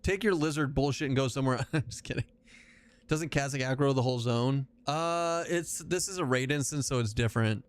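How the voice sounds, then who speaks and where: Streaming a game live, this man speaks a little fast in a smooth mid-range voice. His chat with viewers is loose and jokey, full of casual profanity and rambling asides.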